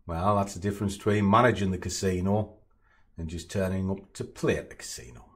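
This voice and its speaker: A man's voice: low voice, fairly quick, soft background music. A man giving a blunt, no-nonsense motivational monologue as a trading coach.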